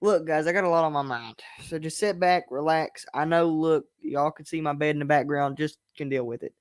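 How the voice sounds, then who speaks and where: A man's voice: fairly high pitch, a little fast, no room sound, clean studio sound. A young man hosting his own podcast stream from his bedroom, talking in a candid, rambling and frustrated way. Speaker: podcast host. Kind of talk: casual solo stream rant.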